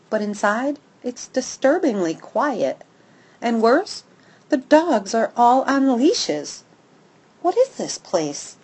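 A woman narrates an audiobook in the first person, her voice sitting a little higher than most. Her storytelling is lively and expressive, and it stays close to the story's excitement. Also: poor audio.

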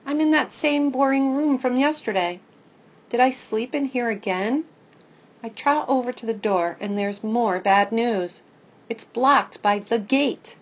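Woman reading a lively children's story. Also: fairly high pitch, measured pace, lo-fi sound. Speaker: audiobook narrator.

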